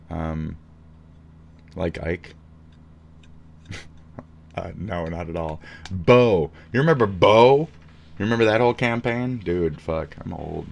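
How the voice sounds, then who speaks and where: Streamer, male, very deep voice, rambling profane rant. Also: animated, unhurried, creaky, pauses often. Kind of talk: ranting live stream commentary.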